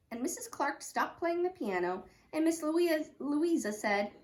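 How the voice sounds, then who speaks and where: A woman teacher reading a picture book aloud at home, with lively, chatty asides for children. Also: high voice, moderate pace, reverberant. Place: home room.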